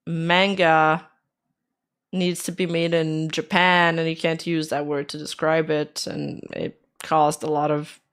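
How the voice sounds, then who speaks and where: Slow-talking woman with a sore voice. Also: low voice, flat delivery. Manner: laid-back, swears casually. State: sore voice after illness. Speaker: streamer reacting to videos. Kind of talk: casual stream chat.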